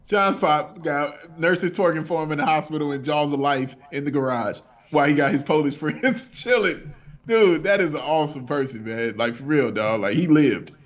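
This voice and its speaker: A man with a slightly raised pitch chats as a podcast guest. He talks in easy, slangy bursts and laughs a lot while hyping up the other speaker. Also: normal speed, muffled recording. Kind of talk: casual chat.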